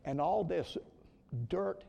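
A man preaching a sermon, telling a story in an earnest way with sudden loud rises. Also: high-pitched, slow, gravelly. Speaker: pastor. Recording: long reverb of a church hall.

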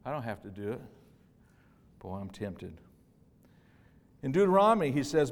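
Man giving a sermon, goes soft then loud and punchy, long echo like a big church. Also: mid-range voice, very animated, normal speed, long pauses. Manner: swings from hushed and tender to loud and emphatic. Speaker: preacher. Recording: long hall reverb.

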